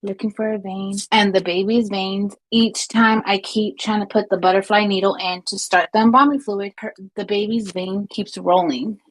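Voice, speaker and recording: A woman's voice: medium pitch, fairly even intonation, moderate pace, hardly any pauses, rough recording. A middle-aged woman, a funeral director, telling stories in casual podcast talk, acting out quotes and swearing freely.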